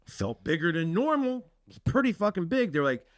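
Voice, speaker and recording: A man's voice: high-pitched, big pitch swings, normal speed, no room sound, studio quality. A man co-hosting a podcast, telling a story in casual chat, acting out the people in it and swearing freely. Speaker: podcast co-host.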